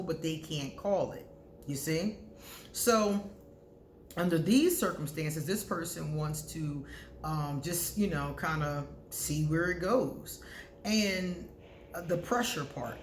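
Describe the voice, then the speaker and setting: A woman vlogger giving casual, candid astrology advice to camera, talking freely and breaking into loud laughter. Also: deep voice, echoey room, a little hiss or hum.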